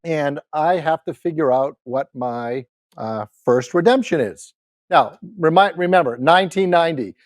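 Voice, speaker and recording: Energetic man giving a sales keynote. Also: moderate pace, dry recording. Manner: high-energy, rallying the crowd with questions. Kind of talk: motivational keynote to a live audience.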